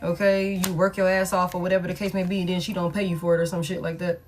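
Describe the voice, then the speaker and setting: A woman's voice: lowish voice, level tone, quick pace, soft background music. Blunt, slangy woman tarot reader. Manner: blunt, repetitive, slangy, says "you know what I'm saying". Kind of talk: casual tarot reading monologue.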